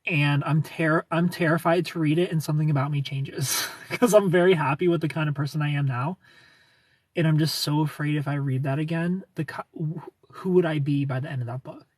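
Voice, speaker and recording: A livestream host in his thirties, from outside the United States, chats casually while answering viewer comments, rambling along with restarts and light laughs. His pitch is fairly high, his pace moderate, and there's no echo.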